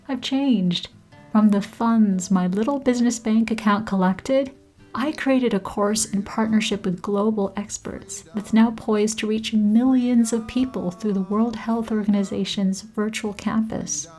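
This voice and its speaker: A woman hosting her podcast in slow, soft scripted narration that often drops to a whisper. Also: medium pitch, faint music behind, poor audio. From Canada. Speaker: podcast host.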